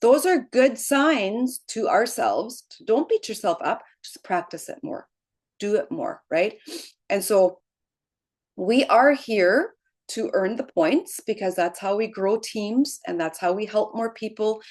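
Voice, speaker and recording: A middle-aged woman speaks to her team in an easygoing, encouraging way. She talks conversationally, checks in with a quick "right?" and laughs often. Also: medium pitch, animated, darkish tone. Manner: encouraging, frequent "right?" tags, laughs easily. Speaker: team leader. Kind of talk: motivational team call.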